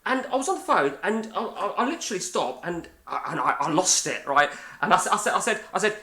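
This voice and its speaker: Animated, swearing English man. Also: high voice, brisk, hardly any pauses. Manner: animated, swearing, rambling storyteller. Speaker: gaming channel host. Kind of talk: casual chat over a game session.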